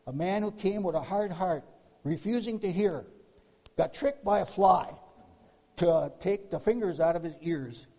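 A male preacher delivers a sermon in a high, mellow voice. He tells the story with emphatic bursts and repeats words as he presses his points. The sound rings with the long reverb of a large hall.

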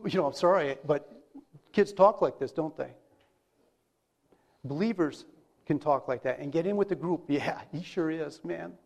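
Man, sermon, high voice, chatty, rhetorical questions. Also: normal speed, long pauses. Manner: conversational, asks rhetorical questions. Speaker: preacher.

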